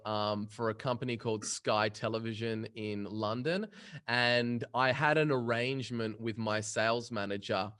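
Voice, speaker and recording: A man, a podcast guest telling punchy, energetic stories about his career in sales. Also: mid-range voice. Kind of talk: casual storytelling interview.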